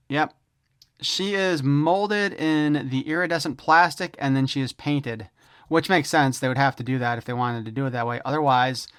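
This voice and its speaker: A man's voice: mid-range voice, a bit bright, clear, resonant tone, dry recording, studio quality. A man giving a casual unboxing review of a toy, opinionated and wry, with jokes thrown in.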